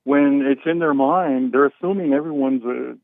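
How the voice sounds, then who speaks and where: A man's voice: medium pitch, normal speed, gravelly, no room sound. A man from Houston, Texas, calling into a talk show, casual and annoyed, often asking "you know what I mean". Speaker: caller. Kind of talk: phone call-in chat. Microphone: phone. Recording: tinny phone line, dry.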